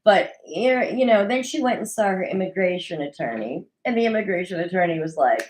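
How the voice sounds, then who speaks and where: A woman's voice: on the low side, a little fast, few pauses, poor audio. A woman hosting a casual recap show from her desk at home, chatty and opinionated. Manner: chatty, opinionated, animated with mock quoted voices. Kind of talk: casual solo recap commentary.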